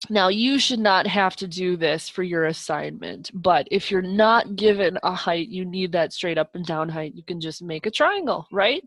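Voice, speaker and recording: Her voice fairly low and her intonation lively, a young adult woman gives a live online math lesson at normal speed. She's upbeat and encouraging, adds chatty asides for her students, and comes through a video call microphone with no echo.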